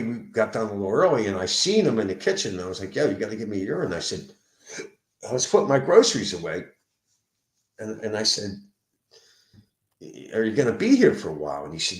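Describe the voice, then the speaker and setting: A man with a Philadelphia accent, a sober house manager, telling a story at home in an animated, profane way. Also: lowish voice. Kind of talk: casual venting monologue. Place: indoors at home. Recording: roomy echo.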